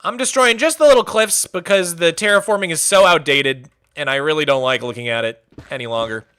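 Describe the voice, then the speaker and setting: A young man streaming a game, chatting casually and answering his audience with animated, jokey energy. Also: a little high, a little fast, clear, resonant tone. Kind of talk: casual chat while playing a game.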